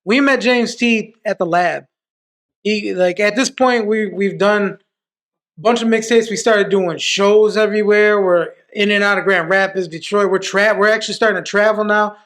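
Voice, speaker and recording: A man's voice: high-pitched, steady tone, moderate pace, a bit bright. A man, a podcast guest, telling stories in a loose, profane way full of restarts. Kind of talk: casual storytelling.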